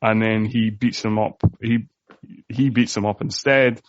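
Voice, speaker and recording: A man's voice: on the low side, fairly even intonation, a little slow, dry recording. A man co-hosting a casual movie podcast, rambling with many fillers and restarts. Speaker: podcast co-host. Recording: dull dry home recording.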